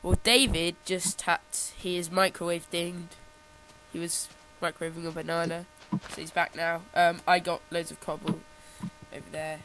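A man's voice: a little high, flat delivery, moderate pace, pushed and bright, slight background noise, poor audio. A man, chatting and teasing his friend during a video game, slightly stuffy from a cold. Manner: joking, teasing, rambling. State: has a cold. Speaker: gameplay co-host. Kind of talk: casual gameplay chat.

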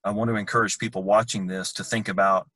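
A man hosting an interview, asking questions and wrapping up in a measured, encouraging way. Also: on the low side, little pitch movement, pushed and bright, no echo, low-quality recording. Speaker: podcast host. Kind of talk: casual interview.

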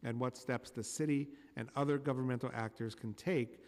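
A man's voice: medium pitch, steady tone, moderate pace, darkish tone. A man chairing a council committee, steadily reading a formal prepared opening statement. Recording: long hall reverb.

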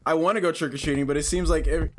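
Over music and heavy background noise, a young YouTuber races through casual let's-play commentary of a horror game in a voice on the high side with a steady tone. His humor covers nervous bravado, and he shouts at jump scares.

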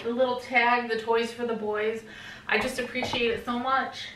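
A middle-aged woman talks to her camera at home, gushing and then slipping into a hushed whisper. Her voice sits a little away from the mic in a roomy bedroom, with a faint hum behind it. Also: a little high, little pitch movement, normal speed, recorded from a distance. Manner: effusive, often drops to a hushed whisper. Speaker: pet vlogger. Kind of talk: casual vlog, unboxing gifts.

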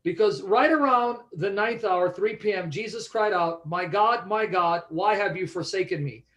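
A man leads a Bible study in a fairly high voice. He is emphatic and keeps quizzing his listeners to make sure they follow. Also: normal speed, a bit bright. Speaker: Bible teacher.

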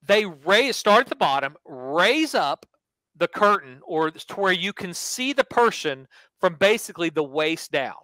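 Man, podcast host, high lively voice, bright, casual storytelling, dry close mic. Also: measured pace, no echo, low-quality recording. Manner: animated storyteller, acts out quotes. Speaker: podcast host and sports handicapper.

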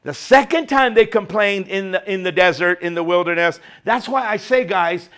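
Male preacher, high voice, lively conversational sermon delivery. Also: normal speed. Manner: animated, chatty preaching.

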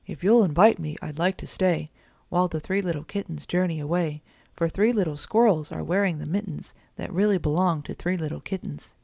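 A woman's voice: on the low side, brisk, creaky, a little mellow, dry recording, studio quality. A woman voicing a jolly old bear grandfather who tells stories in rhyming sing-song speech.

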